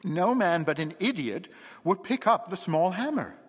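Storybook role: a man playing a feverish, stammering young curate, pitched high, with lively swings. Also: fairly quick, slightly rough, heavily acted. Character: young male curate, frantic, nervous, excitable. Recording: long reverb.

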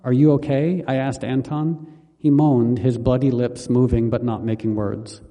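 A man reading his own memoir aloud in a calm, measured, wry manner. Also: medium pitch, long reverb tail. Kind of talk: memoir audiobook narration.

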